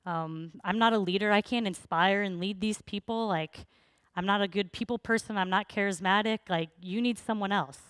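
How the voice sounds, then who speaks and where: A woman's voice: mid-range voice, very slow, pauses often, fairly bright tone, clean tone, dry recording. A woman doing a whiny, reluctant shepherd. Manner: whiny, pleading. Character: reluctant whiny male shepherd, self-doubting.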